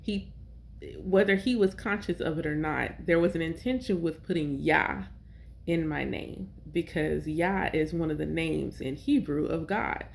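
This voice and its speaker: A woman hosting a podcast, talking casually about names and numerology, pausing often to correct herself. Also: low-pitched, gravelly, slight background noise. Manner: conversational, with self-corrections and fillers. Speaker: podcast host and priestess. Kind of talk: casual spiritual talk.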